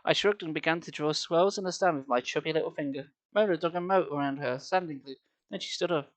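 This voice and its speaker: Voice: medium pitch, fast talker. A streamer reading a children's horror book live on stream, dry and sarcastic, speaking into a headset.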